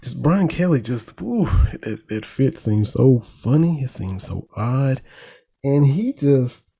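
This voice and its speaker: A man with an Eastern Kentucky country accent talks sports in a loose, folksy way. His voice is gravelly and dark in tone, with a mid-range pitch. He sounds like a talk host riffing on the news. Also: slow pace. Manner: folksy, animated, laughs at his own jokes. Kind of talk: casual sports commentary.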